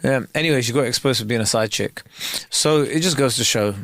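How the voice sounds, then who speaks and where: A man's voice: medium pitch, fairly quick, fairly bright tone, no echo. Teasing man. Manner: teasing, jokey, laughs. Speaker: podcast co-host. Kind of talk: casual podcast chat.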